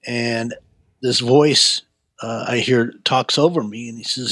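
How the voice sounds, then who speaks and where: A man's voice: mid-range voice, slow, dry recording. Man telling a story in a dry room. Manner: animated, laid-back street talk. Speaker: interview guest. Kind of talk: casual storytelling.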